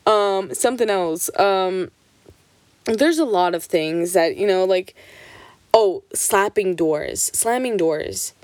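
Young woman vlogging, cussing a lot, like like like, animated storytelling, mid voice, no room echo. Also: mid-range voice. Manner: swears freely, heavy on "like" fillers; animated, jumps between quick and drawn-out phrases. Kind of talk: casual storytelling.

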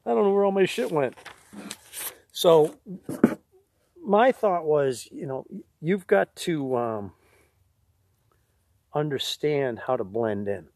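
A man's voice: on the high side, expressive, takes it slowly, pauses often, a little mellow, dry recording. A man, co-hosting a podcast, telling rambling stories and laughing at his own jokes. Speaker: podcast co-host. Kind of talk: casual storytelling chat.

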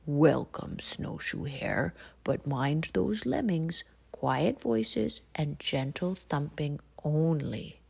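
A woman voicing a big, gentle male musk ox in a storybook, calmly laying down house rules. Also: low voice, gravelly, slightly rough, heavily acted. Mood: firm, patient. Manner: calm, measured, laying down rules.

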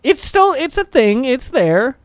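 Excitable podcast co-host man. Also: very high-pitched, a little slow, no room sound. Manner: joking, excitable, swears freely. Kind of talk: casual chat.

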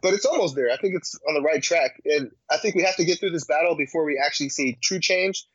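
A man's voice: on the high side, fast talker, a bit bright, slightly rough, dry recording. Slangy rambling man, dull dry sound. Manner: rambling, slangy, with many fillers and restarts. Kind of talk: casual chat.

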